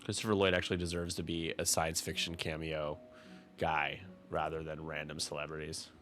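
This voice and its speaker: A man's voice: rumbling low, flat delivery, moderate pace, fairly bright tone, soft background music. A man casually commentating a tabletop game on a stream, chatty and rambling, often restarting his sentences.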